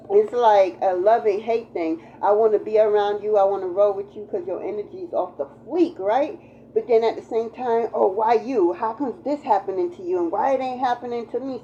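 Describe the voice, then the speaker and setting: A woman's voice: mid-range voice, warm tone, muffled recording, a little hiss or hum. A woman tarot reader giving a casual spiritual reading, talking in a profane, emphatic, repetitive way.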